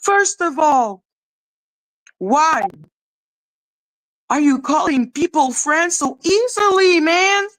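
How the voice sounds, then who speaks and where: High, bright-voiced woman ranting in disbelief. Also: animated, takes it slowly, pauses often, dry recording, rough recording. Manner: exasperated, profane, mocking; repeats questions in disbelief. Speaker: commentary channel host. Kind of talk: ranting reaction commentary.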